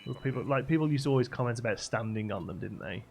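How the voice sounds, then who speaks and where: Gravelly young man chatting on stream. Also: mid-range voice, animated, fast talker, a little mellow, a little hiss or hum. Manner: rambling, answers chat messages aloud. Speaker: live streamer. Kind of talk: casual live-stream chat. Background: faint game music.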